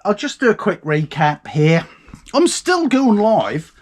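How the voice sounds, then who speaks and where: A man's voice: sits high, very animated, slow pace. Sweary man ranting live. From United Kingdom. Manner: sweary, rambling, indignant. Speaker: live stream host. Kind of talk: casual ranting commentary.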